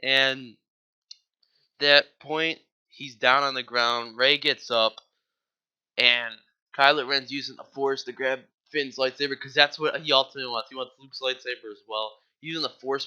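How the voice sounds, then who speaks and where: A man's voice: mid-range voice, fairly even intonation, moderate pace, bright, forceful tone, highs cut off. A man giving a casual, rambling movie plot recap, full of "like" and offhand swearing. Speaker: movie reviewer.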